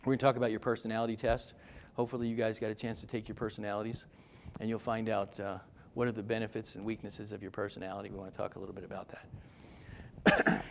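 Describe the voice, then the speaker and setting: A man's voice: on the low side, creaky, slight background noise. A middle-aged man giving a motivational seminar talk, chatty and self-deprecating, telling stories to the room. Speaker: seminar speaker.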